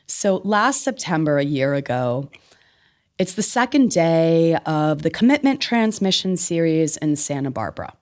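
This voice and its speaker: A woman guest telling an animated personal story in a conversation, laughing often and filling her speech with "like.". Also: low-pitched, a little slow. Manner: expressive, laughs often, many "like" fillers. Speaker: podcast guest, spiritual medium.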